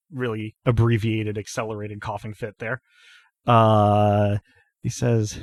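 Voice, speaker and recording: Unhurried man running a tabletop game. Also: fairly low pitch, no room sound, studio quality. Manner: relaxed, unhurried, laughs easily. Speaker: game master.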